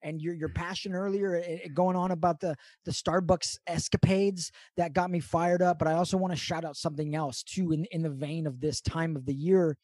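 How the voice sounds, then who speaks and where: A man's voice: on the high side, steady tone, fairly quick, hardly any pauses, darkish tone, no echo. A man co-hosting a podcast over a video call, talking in casual, profane, mock-grandiose rants. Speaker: podcast co-host. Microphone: remote over video call.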